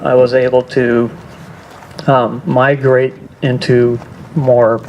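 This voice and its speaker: An older man giving a personal testimony speech at a school assembly, earnest and halting, often restarting his sentences. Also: medium pitch, noisy background. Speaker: guest speaker.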